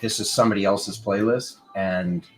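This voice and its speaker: A man giving a casual livestream tarot reading, playful and jokey, laughing often and swinging from loud remarks to mutters. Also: on the low side, fairly even intonation, moderate pace, a little hiss or hum. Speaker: tarot reader.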